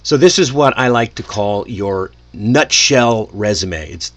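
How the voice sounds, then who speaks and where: A man teaching English in a lively, friendly way, often chuckling to himself. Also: on the low side, a little slow. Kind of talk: casual lesson delivery.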